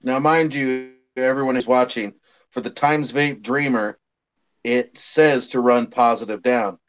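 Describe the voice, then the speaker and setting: A man's voice: mid-range voice, steady tone, a little slow. A man explaining vaping gear in a patient, step-by-step way during a casual chat, on a dull lo-fi recording.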